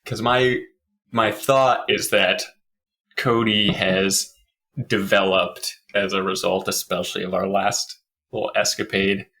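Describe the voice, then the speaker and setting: Low bright voiced guy at a game table, thinking out loud, trails off a lot. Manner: thinks aloud, hesitant, trailing off. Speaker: player. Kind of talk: casual table talk about his character.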